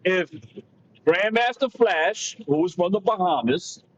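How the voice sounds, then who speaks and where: A man's voice: sits high, animated, measured pace. A man from Jamaica, raised in America, explaining a point in casual discussion with emphatic repeats and frequent "you understand?". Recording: dull lo-fi sound with faint noise.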